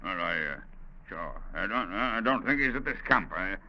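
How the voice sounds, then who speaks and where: A man's voice: on the low side, animated, normal speed, lightly acted. An actor playing a brusque, bossy camp foreman in a 1930s radio drama, dropping in Scottish words. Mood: evasive. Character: gruff middle-aged male camp foreman. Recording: dull lo-fi old radio recording.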